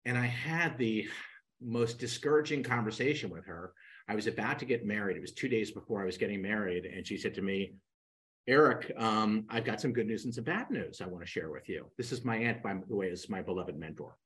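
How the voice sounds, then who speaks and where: Husky-voiced older man telling stories. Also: on the low side, fairly quick, low-quality recording. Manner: animated storyteller who acts out quoted speakers. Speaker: guest, real estate coach. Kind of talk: storytelling in a podcast interview.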